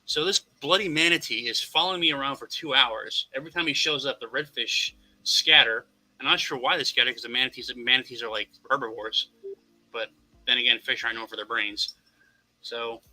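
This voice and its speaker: Rambling storyteller man with a bright voice. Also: medium pitch, low-quality recording. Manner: rambling, lots of repeated restarts, wry and profane. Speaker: podcast co-host telling a story. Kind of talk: casual chat. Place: Florida.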